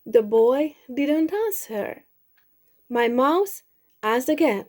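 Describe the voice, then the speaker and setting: A woman telling a simple story for English learners, slow and expressive with many repetitions. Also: high-pitched. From Hungary.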